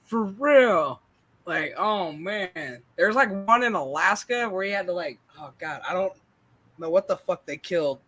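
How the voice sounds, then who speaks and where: A man hosting a casual stream chat, telling animated, profane stories. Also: sits high, a little slow. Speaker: streamer host.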